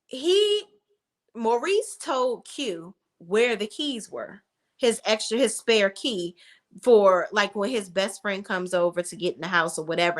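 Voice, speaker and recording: A woman's voice: medium pitch, fairly bright tone. A young woman giving a blunt, casual recap of a TV episode, swearing freely as she comments. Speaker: TV recap reviewer.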